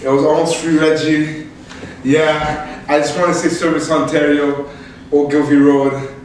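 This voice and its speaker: A young man, a podcast host, telling a story casually and with much laughter, his voice leaping high when excited. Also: unhurried. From Canada. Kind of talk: casual storytelling among co-hosts. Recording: echoey room, distant mic, faint noise.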